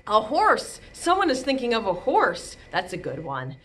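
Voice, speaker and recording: A woman librarian leading a storytime for babies on a video call, reading aloud in a playful sing-song way with soft asides. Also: fairly low pitch, sing-song, brisk, few pauses, slight background noise. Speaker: children's librarian.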